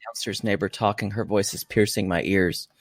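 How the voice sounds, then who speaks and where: A man's voice: lowish voice, fairly even intonation, moderate pace, no echo. A man co-hosting a casual comedy podcast from his apartment, recapping a reality show with bawdy, sarcastic jokes. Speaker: podcast co-host. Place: apartment room at home. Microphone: podcast microphone.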